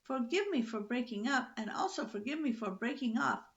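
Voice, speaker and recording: A woman's voice: on the high side, animated, moderate pace, lo-fi sound, close to an everyday voice. An older woman voicing a bold, cheerful little girl of great strength, cheeky and bossy in a storybook reading.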